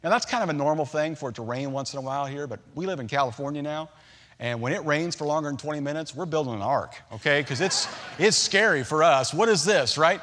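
A middle-aged man preaching a sermon, telling a family story in a relaxed, conversational way with humorous asides. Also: on the high side, fast. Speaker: pastor.

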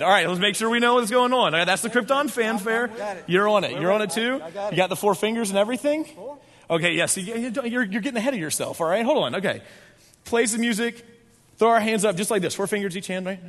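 A young man telling a lively story to a live audience, talking with the crowd and sometimes shouting. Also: high-pitched. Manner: animated, talks with the crowd, shouts at times. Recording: echoey large hall.

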